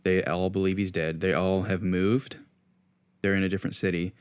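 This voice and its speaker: A man's voice: low voice, flat delivery, normal speed, clear, resonant tone. A man co-hosting a podcast, talking loosely with many restarts and fillers. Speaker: podcast co-host. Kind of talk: casual chat.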